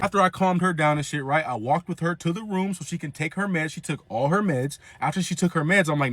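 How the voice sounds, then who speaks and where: A man in his twenties telling a story casually, in an animated, profane, slang-heavy way. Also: on the high side, fast, hardly any pauses, no room sound. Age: 20s. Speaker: vlogger.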